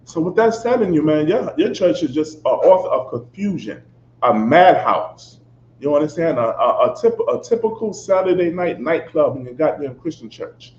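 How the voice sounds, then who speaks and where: A male preacher with a fairly high voice delivers a fiery, confrontational sermon, hammering points home and constantly asking whether his listeners understand. His loud outbursts give way to low asides. The room is echoey, and the recording sounds dull, with faint ambience behind. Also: very animated, normal speed, hardly any pauses, a little hiss or hum. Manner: emphatic, constantly asks "you understand?".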